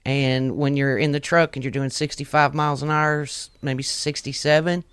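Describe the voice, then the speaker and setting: A woman's voice: sits low, level tone, normal speed, clear, resonant tone, dry recording. A woman truck driver, telling stories in a blunt, salty way with plenty of swearing, as a podcast guest. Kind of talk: casual storytelling chat.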